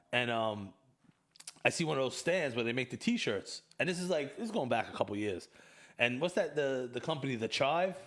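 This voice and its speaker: A man in his thirties hosts a loose podcast chat. He tells crude, rambling stories, swears freely and laughs along as he goes. His voice sits at a middling pitch. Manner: profane, animated storytelling with laughs. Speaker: podcast host. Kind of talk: casual chat.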